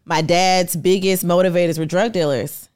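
A woman in her thirties, a podcast guest, telling her story in a lively, animated way and acting out the people in it. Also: fairly low pitch, normal speed, smooth. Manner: lively storyteller who acts out quoted voices. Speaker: podcast guest, artist and entrepreneur. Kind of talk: animated storytelling in casual conversation.

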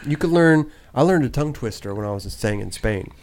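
A man's voice: mid-range voice, lively intonation, fairly quick, a little mellow. A man hosting a podcast, joking loosely and swearing casually. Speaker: podcast host.

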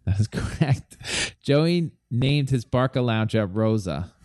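A man's voice: mid-range voice, lively intonation, a little slow, darkish tone, dry recording. Teasing male radio host, dry studio. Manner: teasing, runs a quiz. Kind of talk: casual radio chat.

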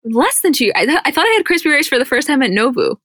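A woman's voice: high voice, very animated, quick pace, fairly bright tone, no echo, studio quality. A woman co-hosting a casual recap podcast, chatty and rambling, acting out quotes and laughing often. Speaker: podcast co-host.

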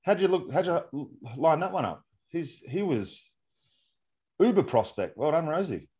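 A man's voice: fairly high pitch, normal speed, husky. A man co-hosting a podcast, chatting casually and poking fun at himself. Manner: animated, self-deprecating. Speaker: podcast co-host. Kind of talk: casual sports banter.

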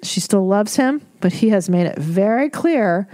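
A woman's voice: medium pitch, animated, a little slow, dark tone, no echo. A woman comedian hosting an advice podcast, reading listener emails and giving blunt, profane, candid advice. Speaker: podcast host.

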